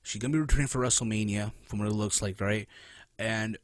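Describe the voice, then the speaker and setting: A man hosting a casual wrestling podcast, animated and profane, who keeps tossing in "right?" between points. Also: fairly low pitch, fast talker, no echo, studio quality. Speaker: podcast host.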